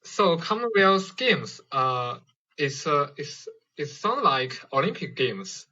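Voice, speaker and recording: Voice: medium pitch, sing-song, takes it slowly, bright, forceful tone. Hesitant caller from China, muffled line. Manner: hesitant, many fillers. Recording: muffled call-in audio.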